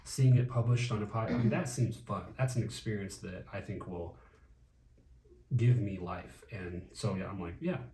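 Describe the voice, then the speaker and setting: A man co-hosting a vlog in casual chat, relaxed and low-key as he talks things through. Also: moderate pace. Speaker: vlog co-host. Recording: echoey room, mic at a distance.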